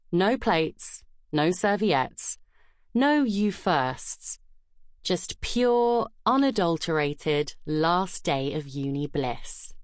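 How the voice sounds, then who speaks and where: A woman narrating an audiobook in a measured, gentle storytelling manner. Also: fairly low pitch, dry recording, clean studio sound. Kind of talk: scripted narration.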